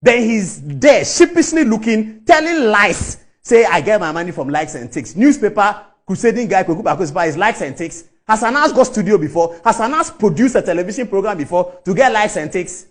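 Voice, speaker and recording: A middle-aged man with a Ghanaian English accent gives fiery, scornful commentary. His voice sits very high and swoops up and down animatedly, and he repeats words to drive each point home. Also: expressive, normal speed, hardly any pauses. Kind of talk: impassioned commentary.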